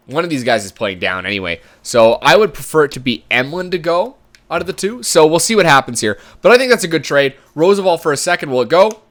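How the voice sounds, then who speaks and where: A man's voice: on the high side, a bit bright. A man giving casual commentary while playing a sports management game, thinking aloud in a chatty way. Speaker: gamer commentator.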